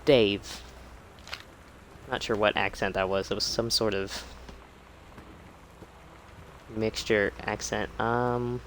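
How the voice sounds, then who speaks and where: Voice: medium pitch, fairly even intonation, normal speed, a bit bright, slight background noise, poor audio. A game streamer making casual, self-deprecating, half-mumbled asides between readings. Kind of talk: casual gameplay commentary.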